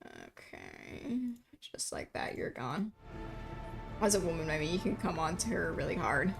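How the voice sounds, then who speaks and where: Animated young woman gaming streamer. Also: deep voice, unhurried, gravelly, music in the background. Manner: exasperated, profane, laughing. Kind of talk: casual let's-play commentary.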